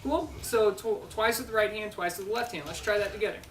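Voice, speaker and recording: A man teaching a casual drum lesson at home, chatty and relaxed, counting beats aloud. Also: sits high, fairly quick, heavy background noise. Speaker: drum instructor. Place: room at home.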